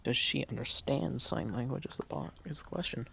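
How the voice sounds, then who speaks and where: A man's voice: mid-range voice, fairly quick, vocal fry, sharp tone, a little hiss or hum. A man running a tabletop game as game master, narrating loosely with fillers.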